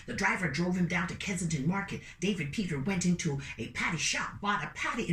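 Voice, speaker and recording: A woman telling a story in an animated, playful way, calling out to her listeners. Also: on the low side, recorded from a distance, a little hiss or hum. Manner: lively, playful, calls out to listeners. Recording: roomy sound from away from the mic.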